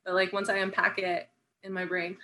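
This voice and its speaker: Female interview guest, bright tone, halting and open, laughs easily. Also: medium pitch, monotone. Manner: hesitant, many fillers, laughs readily. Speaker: podcast guest. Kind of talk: casual interview chat.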